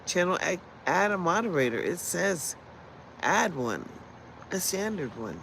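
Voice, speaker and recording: Gravelly, blunt woman in her sixties. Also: fairly low pitch, big pitch swings, unhurried, fairly bright tone, a little hiss or hum, low-quality recording. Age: 60s. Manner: blunt, profane, rambling. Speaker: livestream host. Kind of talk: casual livestream rant. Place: in Las Vegas.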